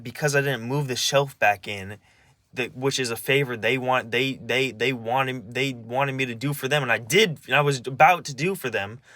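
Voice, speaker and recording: A man's voice: mid-range voice, sharp tone, no echo. A young man speaking in a personal confessional vlog, agitated and rambling, swearing often and restarting his sentences again and again.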